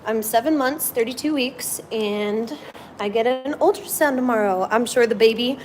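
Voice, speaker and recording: A woman's voice: a little high, moderate pace, a little hiss or hum. A young woman chatting casually on a livestream from a hotel room, thanking viewers and scolding her puppy.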